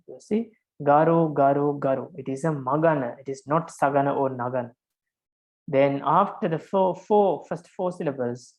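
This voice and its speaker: Patient monk teaching with a gravelly voice. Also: male voice, medium pitch, normal speed, a little mellow, lo-fi sound. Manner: patient, counts syllables aloud, frequent fillers and repeats. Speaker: Pali teacher. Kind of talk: online lesson on verse meter.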